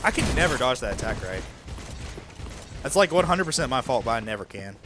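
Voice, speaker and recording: A young man streaming gameplay commentary, frustrated and swearing, with sudden shouts. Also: mid-range voice, sing-song, brisk, long pauses, slight background noise.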